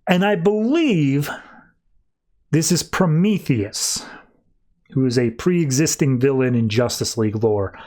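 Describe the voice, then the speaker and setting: A man hosting a podcast, retelling a comic in a quick, rambling way full of fillers. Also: medium pitch, lively intonation, warm tone. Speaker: podcast host. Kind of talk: casual comic recap.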